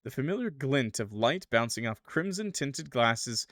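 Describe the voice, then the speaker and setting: A man's voice: medium pitch, animated, measured pace, a bit bright, dry recording. Man reading horror visual novel aloud. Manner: dramatic narration broken by casual joking asides. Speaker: gaming streamer.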